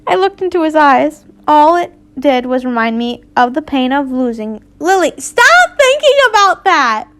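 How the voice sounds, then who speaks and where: High-voiced woman reading fanfiction aloud. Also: moderate pace. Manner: giggly, swears casually. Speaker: fanfiction reader.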